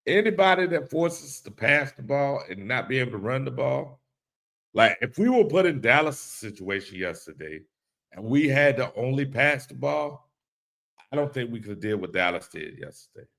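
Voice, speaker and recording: A man's voice: medium pitch, sing-song, normal speed, creaky, a bit bright. A man hosting a casual live-stream podcast, reading chat comments aloud and laughing along in a laid-back way.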